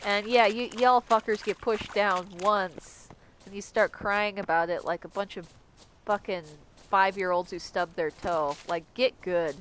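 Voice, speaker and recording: A woman's voice: medium pitch, steady tone, measured pace, a bit bright, slight background noise. A young adult woman streaming a game, ranting casually with lots of swearing and sarcasm. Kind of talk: casual livestream commentary.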